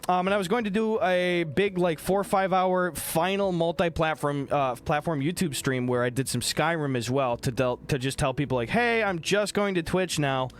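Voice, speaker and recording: His voice is on the high side, his speed normal and his pauses few as this young man from the American Midwest chats on a live stream. Animated and joking, he curses a lot and reads viewer messages out loud.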